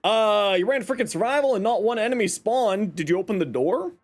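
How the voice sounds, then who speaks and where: A man's voice: high voice, animated, fairly quick. A man streaming a game live, chatting casually and greeting viewers by name with playful sarcasm. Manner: upbeat, greets chat by name.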